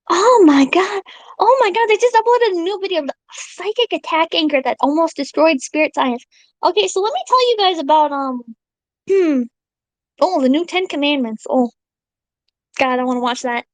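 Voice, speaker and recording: A woman streaming live, chatting casually with her viewers in an excitable, rambling and profane way, reading out donations. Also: extremely high pitch, moderate pace, no echo, poor audio.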